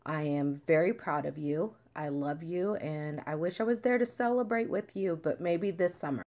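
A woman, an aunt, leaving a measured, loving congratulation message. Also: deep voice, a little mellow.

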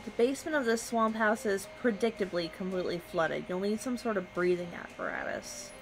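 A woman's voice: medium pitch, fairly quick, faint music behind, rough recording. A young adult woman reading game narration aloud on a stream, dry and wry.

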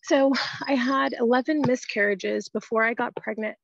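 A woman's voice: a little high, normal speed, gravelly, dry recording, muffled recording. A woman giving a fervent, emotional testimony and prayer over a video call. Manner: fervent, emotional, praying aloud. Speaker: prayer group participant.

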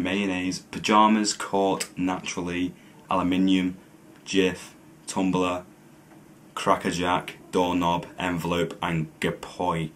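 Blunt, low-voiced young man. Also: fairly bright tone, slight background noise. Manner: blunt, swears freely, reads questions aloud. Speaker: vlogger. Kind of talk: casual accent-challenge vlog.

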